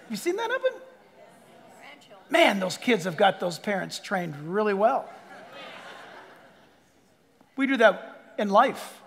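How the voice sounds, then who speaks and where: Preaching to a church congregation, a pastor with a rather high voice takes a measured pace and pauses often. He animates the sermon by acting out little voices, then falls to a hush for emphasis, all echoing in a large sanctuary's long reverb.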